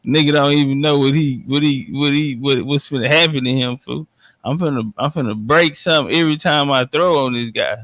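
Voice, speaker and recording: A man's voice: mid-range voice, a little fast, fairly bright tone, no echo. A man, boasting and trash-talking in casual podcast chat. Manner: brash, trash-talking, confident. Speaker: podcast panelist.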